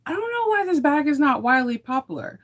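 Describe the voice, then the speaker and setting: A woman's voice: sits high, big pitch swings, fast. Chatty upbeat woman vlogging. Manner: chatty and upbeat, rambling with fillers. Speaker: sewing vlogger. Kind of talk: casual morning vlog chat.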